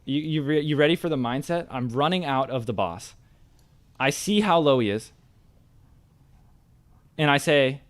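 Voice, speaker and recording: A young man streaming a game, talking through his play with excitable, ranting frustration. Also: medium pitch, moderate pace, pauses often. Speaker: gaming streamer. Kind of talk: live gameplay commentary.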